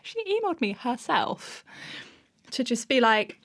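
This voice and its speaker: A woman's voice: a little high, very animated, a little slow, a bit bright. A woman, a podcast guest, telling funny self-mocking stories in a casual interview, often breaking into laughter.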